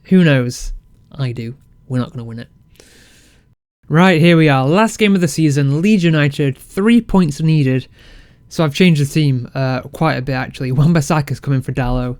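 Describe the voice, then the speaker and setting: A man casually commentating his football management game, excitable and self-mocking. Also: a little high, moderate pace, smooth, no room sound. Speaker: game let's-play creator.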